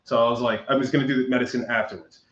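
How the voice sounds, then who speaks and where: A man spins a casual story as a guest, acting out each person's lines and breaking into laughs. His voice sits at an ordinary pitch. The recording is muffled and echoes around the room. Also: rapid-fire. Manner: animated, acts out quoted dialogue, laughs often.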